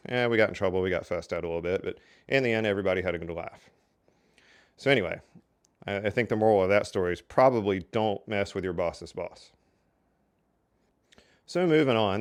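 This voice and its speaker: An older man telling casual stories from his working life in a folksy, chatty way. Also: on the low side. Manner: folksy and chatty, with lots of "so anyway" and "you know". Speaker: storyteller. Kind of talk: casual storytelling.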